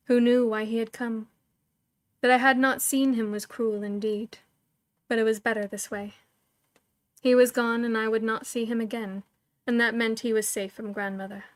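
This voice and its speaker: A woman's voice: a little high, no echo. A woman reading a novel aloud as a storyteller, expressively acting out each character's lines.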